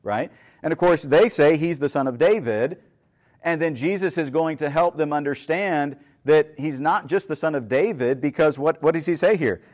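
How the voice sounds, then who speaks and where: A man's voice: fairly high pitch, moderate pace, a little mellow. Man preaching in a conversational sermon. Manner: conversational, asks rhetorical questions, frequent "right?". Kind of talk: sermon with scripture reading.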